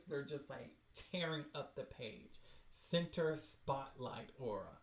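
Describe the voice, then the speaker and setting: A man hosting a livestream where he reads webcomics aloud, reacting in an excitable, chatty way. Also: mid-range voice, a little slow. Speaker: host. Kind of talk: livestream dramatic reading of webcomics. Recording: roomy echo.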